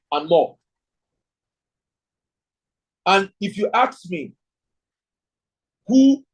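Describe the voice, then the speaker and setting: A man's voice: fairly high pitch, a little mellow, husky, poor audio. A man teaching an online leadership class, thinking aloud, ending points with "right?" and reading out participants' chat answers. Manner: thinking aloud, frequent "right?" tag questions. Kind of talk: online class lecture with audience questions.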